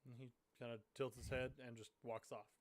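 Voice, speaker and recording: A man running a tabletop game as game master, narrating in a relaxed, slightly halting way. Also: mid-range voice.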